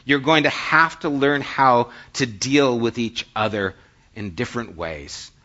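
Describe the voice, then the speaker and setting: A man voicing God addressing humanity in a grave, measured tone, dropping lower and softer than his preaching voice. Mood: stern. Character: God speaking to humanity, stern and firm. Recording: dull lo-fi recording.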